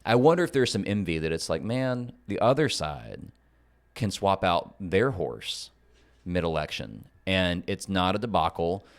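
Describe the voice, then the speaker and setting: A man from North Carolina co-hosting a casual political podcast, talking in an animated way and often restarting his sentences. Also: low-pitched, unhurried. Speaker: podcast co-host.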